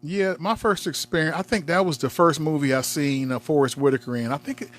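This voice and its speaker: A man co-hosting a casual chat about movies, laughing a lot and trailing off quietly. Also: a little high, brisk. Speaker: co-host.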